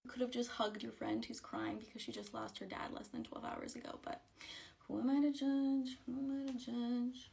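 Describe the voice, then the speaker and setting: A young woman telling a storytime to camera, her slightly high voice carrying a gravelly fry. She drops into dry, sarcastic asides as she talks. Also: big pitch swings, a little fast. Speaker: TikTok creator. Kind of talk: storytime vlog.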